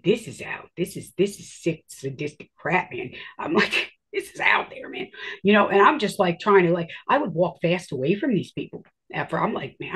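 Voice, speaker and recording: A woman telling her own story in a casual, animated way, swearing freely and acting out her own reactions. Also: fairly low pitch, breathy edge.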